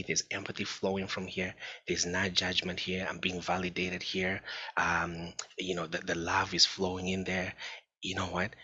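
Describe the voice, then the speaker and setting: A man with a low voice that still sounds strikingly bright and forceful gives an informal parenting talk. His tone is husky, and he speaks earnestly, often repeating himself. The recording is dull and lo-fi. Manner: earnest, repetitive, addresses listeners as folks. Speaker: psychologist giving a parenting talk. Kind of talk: informal presentation.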